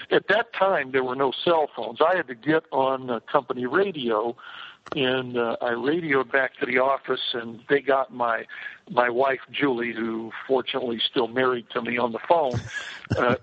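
A man's voice: mid-range voice, a little slow. An older man, a film director, telling rambling behind-the-scenes stories with lots of fillers and restarts. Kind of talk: casual anecdotal storytelling. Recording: tinny phone-like line.

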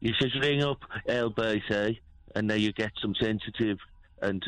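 A man's voice: on the low side, normal speed, fairly bright tone, clean tone, no echo, rough recording. A man calling into a radio phone-in, cheeky and mocking, laid-back as he needles the host. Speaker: radio caller. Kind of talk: prank phone-in call.

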